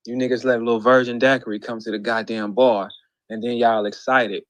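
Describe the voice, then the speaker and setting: Brisk and level in tone, this man's mid-range voice carries a heated monologue about battle rap. He swears freely, mocks in disbelief, and yells the lines he quotes. The sound is dry and close, without echo.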